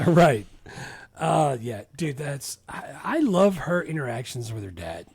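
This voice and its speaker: A man's voice: mid-range voice, very animated, unhurried, creaky, darkish tone, breathy edge, no echo. A middle-aged man co-hosting a podcast in casual chat, laughing often and quoting movie lines. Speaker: podcast co-host.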